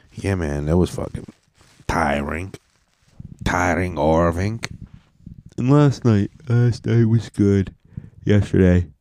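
A man's voice: low voice, creaky, warm tone, dry recording, clean studio sound. A young man hosting a casual solo podcast, rambling in laid-back, profane slang. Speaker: podcast host and stand-up comedian.

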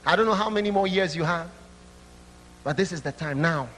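A young man preaching an impassioned sermon that rises to shouts. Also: high-pitched, a little fast, big-room sound, a little hiss or hum. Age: young adult.

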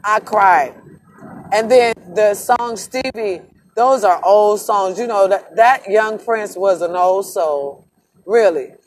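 A woman's voice: mid-range voice, slow pace. A woman talking straight to her viewers in a casual vlog, emphatic and emotional, swearing freely and calling them "y'all". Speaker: vlogger.

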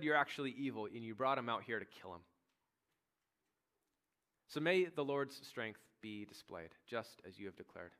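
A man preaches a sermon, his voice bright and forward. He retells the scripture story with animated, acted-out dialogue for each figure. The delivery is that of a pastor speaking to a congregation. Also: medium pitch. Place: church sanctuary.

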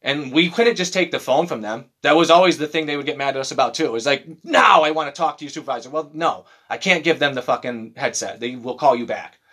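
A man in casual chat who tells profane, animated stories and mimics other people in mocking voices. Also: medium pitch, brisk, few pauses, breathy edge.

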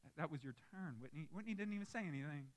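A young adult man preaching a sermon in a church, emphatic and lively, with joking asides to the congregation. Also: fairly high pitch, rapid-fire. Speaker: pastor. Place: church sanctuary.

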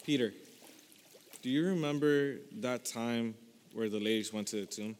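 A man doing a calm gentle teacher, slow soft questions, long echoing reverb, mid-pitched voice. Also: close to an everyday voice. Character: calm gentle male teacher Jesus, adult. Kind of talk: Christian skit acting.

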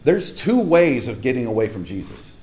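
A man's voice: medium pitch, big pitch swings, moderate pace, darkish tone. Man, pastor, conversational sermon, emphatic, addresses the room directly. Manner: casual, emphatic, talks straight to the congregation. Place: church hall with congregation.

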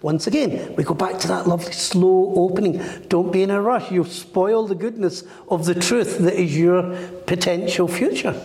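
A man's voice: sits high, normal speed, darkish tone. A middle-aged man working as a medium, telling a story in an interview and acting out the voices of the people in it. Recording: echoey room with long reverb.

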